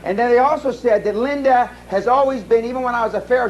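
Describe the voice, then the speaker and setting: A man's voice: very high-pitched, quick pace, dull audio, noisy background. A man giving a live seminar talk, telling blunt, profane stories full of restarts. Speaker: seminar speaker. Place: seminar room.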